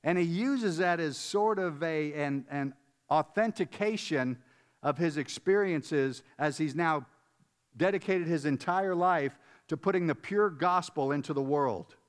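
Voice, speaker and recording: A man's voice: a little high, unhurried, clean tone. A man preaching a conversational sermon, emphatic, repeating words and putting questions to his listeners. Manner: emphatic, repeats words, chuckles, asks the audience. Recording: long reverb of a large hall.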